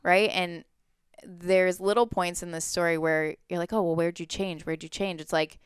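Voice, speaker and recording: A woman's voice: lowish voice, normal speed, clear, resonant tone, dry recording, clean studio sound. A woman in her twenties, a podcast guest, candidly telling a personal story in conversation. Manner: candid, animated, often acts out quoted voices.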